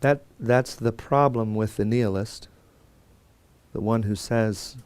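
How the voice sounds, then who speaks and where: A man's voice: lowish voice, slow pace, darkish tone, dry recording. Guy teaching a bible class, chatty lecture, lots of uhs, dry close mic. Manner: conversational, frequent fillers and restarts, acts out quotes.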